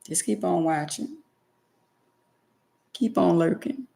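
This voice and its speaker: A woman's voice: lowish voice, takes it slowly, gravelly, dark tone. A woman talking straight to her viewers in a preachy, scolding way, hammering points home by repeating them. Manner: emphatic and scolding, repeats phrases for effect. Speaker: vlogger. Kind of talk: preachy direct-to-camera talk.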